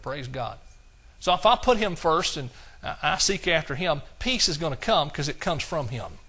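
A male preacher with a slightly raised pitch and a sharp, slightly rough tone delivers a folksy, conversational sermon. Whenever he quotes scripture he slows into a measured cadence, and now and then he chuckles at his own jokes.

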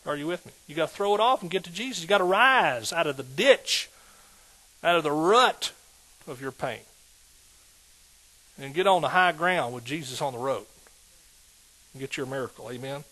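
A man preaching a sermon in a lively call-and-response manner, asking the congregation questions. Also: a little high, normal speed, pauses often.

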